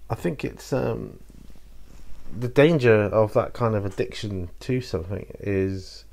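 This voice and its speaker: A man hosts his channel, chatting to camera on his own and answering viewer questions. His voice is fairly low, a little mellow, with vocal fry and a measured pace. He rambles and hesitates, with many fillers and restarts.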